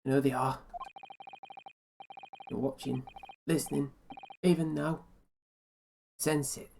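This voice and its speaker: A woman's voice: very deep voice, fairly even intonation, slow, vocal fry, background noise, voice pushed down, exaggerated voice. A woman voicing a shaky, fearful young male foreign student held as a prisoner, speaking in a British accent with trembling, flowery phrasing. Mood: paranoid. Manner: trembling, paranoid, florid.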